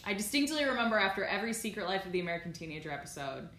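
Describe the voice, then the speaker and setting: A woman in her twenties co-hosting a podcast, chatting casually in an excitable, exclamatory way. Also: mid-range voice, rapid-fire, echoey room, a crowd in the background. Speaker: podcast co-host. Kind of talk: casual chat.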